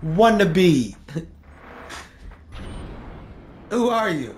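A man trash-talks an opponent while he plays an online game, boastful and foul-mouthed, repeating taunts for effect; he's a gaming YouTuber. His high-pitched voice is very animated yet very slow, with a little hiss or hum.

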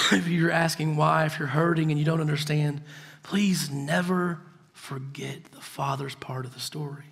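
A man preaching a sermon as pastor, telling a story earnestly and often dropping to soft, intense tones. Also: on the high side, vocal fry. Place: church.

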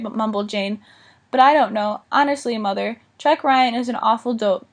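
Reading a children's novel aloud as scripted audiobook narration, a woman gives the characters' lines a light touch of voice. She speaks at a moderate pace in a slightly high register.

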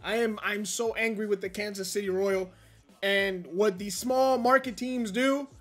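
A young man commenting on his own baseball video game, rambling and frustrated, venting with sudden loud outbursts. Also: high-pitched, steady tone, measured pace, faint music behind. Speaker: gaming YouTuber. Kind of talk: casual gameplay commentary.

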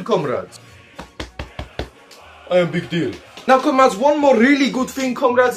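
High-voiced man ranting like a comic commander. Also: a bit bright. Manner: calls listeners "comrades" in nearly every line, crude and jokey; breaks into laughter and silly asides. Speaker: history video host in a comic commander persona. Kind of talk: comedic history commentary.

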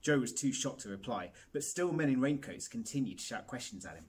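A man reading a children's novel aloud with animated storytelling. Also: mid-range voice, brisk, few pauses, slightly rough. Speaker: reader.

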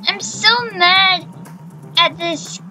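A woman's voice: very high-pitched, extremely slow, pushed and bright, soft background music, poor audio. A woman giving casual commentary over a video game, rambling, repeating herself and talking to the character on screen. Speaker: gaming channel host.

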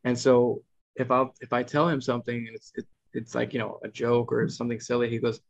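A man's voice: mid-range voice, level tone, fairly quick. A man in his thirties hosting a casual podcast, rambling through a family story with restarts and mimicking his kids. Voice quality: gravelly. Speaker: podcast host. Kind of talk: casual chat. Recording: dull lo-fi podcast sound.

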